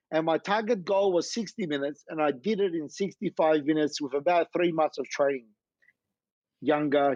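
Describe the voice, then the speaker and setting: A man recounts his story as an interview guest, animated and acting out what people said. His voice sits a little high. The recording is dull and lo-fi with a dry, close feel. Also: no room sound. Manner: animated, acts out quoted dialogue. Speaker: guest, business founder.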